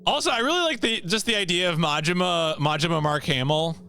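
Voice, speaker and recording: A man streaming a video game, chatting casually with viewers in an animated way and laughing often. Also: high-pitched, brisk, creaky.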